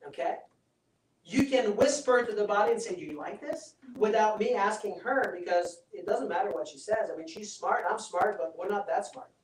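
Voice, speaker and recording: A man's voice: high voice, moderate pace. Man, seminar speaker, persuasive, chatty, keeps asking the audience, echoey room, far from mic. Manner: chatty, persuasive, asks "right?" often. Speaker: holistic health practitioner giving a seminar. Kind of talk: live seminar talk with demonstration. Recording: roomy sound from a distant mic.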